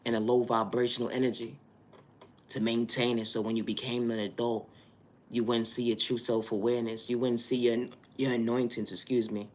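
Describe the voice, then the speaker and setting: A man giving a preachy spiritual motivational monologue, repeating stock phrases and building to loud, emphatic bursts. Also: medium pitch, flat delivery, moderate pace. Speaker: spiritual reader.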